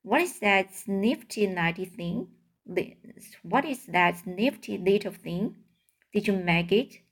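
A woman's voice: mid-range voice, expressive, slow pace, husky, heavily acted. A woman voicing an innocent young male pig who asks earnest, wondering questions in a storybook reading.

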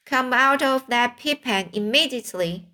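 A woman's voice: high voice, lively intonation, moderate pace, bright, forceful tone. A woman voicing a stern farm mother in a storybook, scolding and commanding.

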